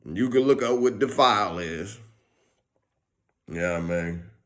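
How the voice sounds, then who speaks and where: A man's voice: low voice, slow pace. A man vlogger in a casual, slangy monologue, acting out bits of conversation as he goes. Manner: animated, slangy, acts out conversations.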